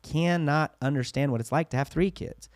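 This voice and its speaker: A man in his thirties co-hosting a casual podcast chat, telling parenting stories in an earnest, animated way. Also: fairly high pitch, normal speed, no room sound, clean studio sound. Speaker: podcast co-host.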